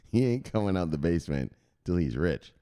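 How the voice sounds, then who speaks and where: A man's voice: sits low, big pitch swings, moderate pace, warm tone, clean tone. A male crypto show host in casual, joking chat who swears freely and laughs a lot. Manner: joking, profane, laughs often.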